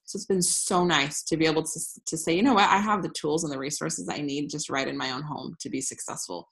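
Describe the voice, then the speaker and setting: A woman's voice: low-pitched, fairly even intonation, a little fast, vocal fry, a bit bright. A woman in her thirties giving a casual, upbeat business training talk, frank and full of restarts. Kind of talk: casual training talk over screen share.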